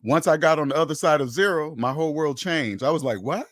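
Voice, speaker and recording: A man's voice: fairly high pitch, fast talker, fairly bright tone, dry recording, clean studio sound. A man hosting a personal finance channel, delivering an emphatic, preachy monologue that repeats phrases and acts out imagined back-and-forth dialogues. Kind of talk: opinionated monologue to camera.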